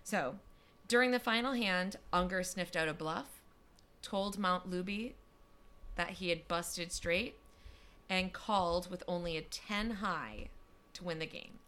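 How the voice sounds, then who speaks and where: Her lowish voice carries a somewhat bright quality as this young podcast co-host relates a story. The conversation is casual and chatty, packed with fillers and fast little asides.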